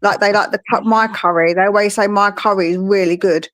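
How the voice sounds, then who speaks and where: A woman's voice: medium pitch, fairly even intonation, brisk, a bit bright, dry recording. A laid-back woman chats easily and peppers her talk with "like" and "man". Her voice sounds dry and close, with no room around it. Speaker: guest on a live chat. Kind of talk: casual chat.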